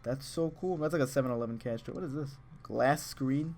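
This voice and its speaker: A man giving casual, excitable, rambling commentary over a video game, full of chatty asides. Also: medium pitch, brisk. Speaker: let's play host.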